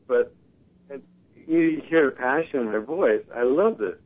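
A man of middling pitch tells his stories with earnest passion, often slipping into the voices of the people he quotes. His voice comes through a tinny phone line that strips away its body. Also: normal speed. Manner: earnest, animated storytelling, quotes others. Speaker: guest. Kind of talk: casual talk show conversation.

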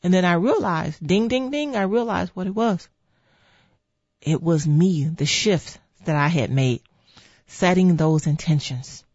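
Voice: mid-range voice, animated, a little slow, a little mellow, dry recording. An earnest, encouraging speaker giving a motivational talk on coping with chronic pain in a lo-fi recording. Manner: earnest, encouraging, repeats "okay" and "see". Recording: dull lo-fi dry sound.

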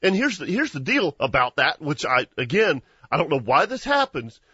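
A husky, slightly high-pitched man spins a lively hunting tale for his show. He laughs often and restarts his sentences. The sound is dry and a bit dull, like a lo-fi studio recording. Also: moderate pace, dry recording. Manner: animated storyteller, laughs often, many restarts. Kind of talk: casual storytelling chat.

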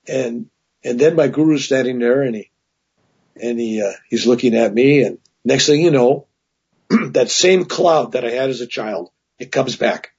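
A man tells a long personal story in a very husky, breathy voice, circling back with restarts and asides. His pitch sits in an ordinary middle range. The recording sounds dull and lo-fi. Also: a little mellow. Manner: rambling, with frequent restarts and asides. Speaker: guest telling a personal story. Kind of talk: casual spoken storytelling.

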